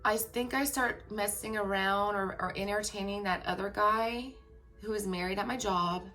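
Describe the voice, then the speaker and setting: A woman's voice: mid-range voice, fairly even intonation, normal speed, pushed and bright, soft background music. A woman in her thirties or forties telling a personal story to camera in a candid, rambling way, repeating herself and swearing casually. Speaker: tarot vlogger.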